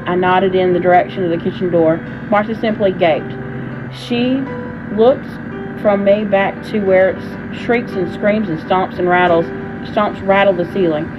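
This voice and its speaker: A woman's voice: medium pitch, unhurried, music in the background. Woman teacher reading a storybook aloud. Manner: steady reading-aloud pace with small slips. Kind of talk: storybook read-aloud narration. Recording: dull recording with loud air conditioner hum. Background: air conditioner hum.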